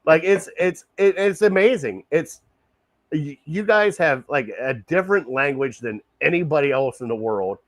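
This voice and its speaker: A man hosts a relaxed podcast chat with a guest. He talks with eager enthusiasm, laughs easily and tends to say things twice. His voice sounds dry and close to the mic. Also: fairly high pitch, moderate pace, no echo. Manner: enthusiastic, laughs often, repeats himself. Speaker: podcast host. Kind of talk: casual sports podcast chat.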